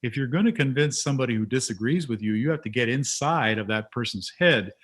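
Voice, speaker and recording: Chatty male host, animated storyteller. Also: medium pitch, fast talker. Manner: chatty, animated when telling stories. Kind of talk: casual interview chat.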